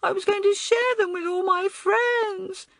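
A timid little schoolboy wails through his sobs, his voice pitched high and pleading. His voice is close and dry, with no room around it, and he sounds scared for the whole audiobook scene. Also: expressive, normal speed, a bit bright, no room sound, full character voice. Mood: tearful. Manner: sobbing, wailing, high and pleading. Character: small tearful young schoolboy, timid and scared. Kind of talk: audiobook character voice.

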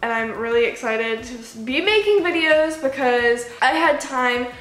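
A young woman vlogger casually telling a story, animated and chatty, acting out the people she quotes. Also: high voice, a little slow, a little hiss or hum. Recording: echoey room.

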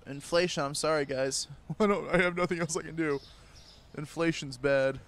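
A young man with a fairly high voice talks over a game in a crude, sarcastic way. He swears freely and swings from low mutters to loud outbursts at the customers. A faint background noise sits under his voice. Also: steady tone, normal speed. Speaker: gaming video creator. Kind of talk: casual gameplay commentary.

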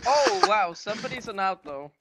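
A young man reacting quickly with exclamations while playing a game in voice chat. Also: high voice, animated. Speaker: clan player. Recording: noisy voice chat line.

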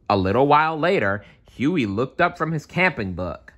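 A man reading a children's bedtime story aloud in a calm, measured way. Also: mid-range voice. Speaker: storybook reader.

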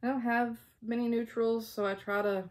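A woman's voice: a little high, flat delivery, normal speed, a little mellow. A woman chatting casually at home, bubbly and full of ums as she shows off craft supplies. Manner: chatty, bubbly, says um a lot. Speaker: flosstube vlogger.

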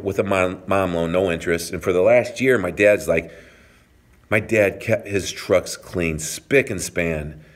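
Low-voiced fifties man, personal trainer vlogging, earnest and heartfelt storytelling. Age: 50s. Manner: emotional, earnest, talks straight to viewers.

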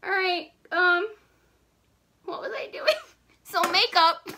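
A woman's voice: extremely high pitch, slow pace, pushed and bright. A young woman chatting through a live makeup tutorial, jittery and panicky, laughing between lines. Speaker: makeup vlogger.

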